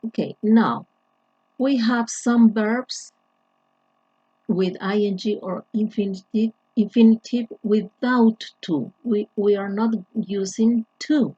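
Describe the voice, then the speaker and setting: A woman teaching an English grammar lesson, talking slowly and deliberately with frequent restarts and fillers. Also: medium pitch, fairly even intonation, mellow, slightly rough, no echo. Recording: dull lo-fi, dry sound.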